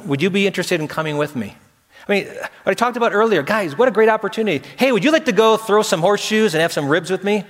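A man preaching a sermon as pastor, talking conversationally with emphatic repetitions and acted-out quotes, in a church sanctuary. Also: medium pitch. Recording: echoey hall.

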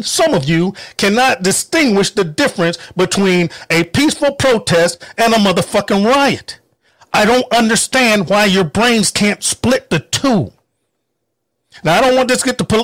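A man with a high, swooping voice rants in anger, swearing hard and driving every point home with heated emphasis. The recording is dry and close, with no room sound. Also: lively intonation, normal speed, a bit bright, dry recording. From North Carolina, US. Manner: mocking quoted voices. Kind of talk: angry political rant.

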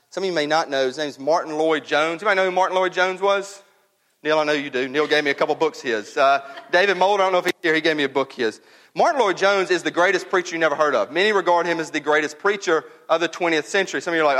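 A man preaching to his congregation, talking through a passage verse by verse. He speaks in a fairly high voice, casual but emphatic, and leans on key words. A long hall reverb trails behind him. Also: a bit bright. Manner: conversational, emphatic, repeats words for stress. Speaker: pastor. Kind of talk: sermon. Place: church.

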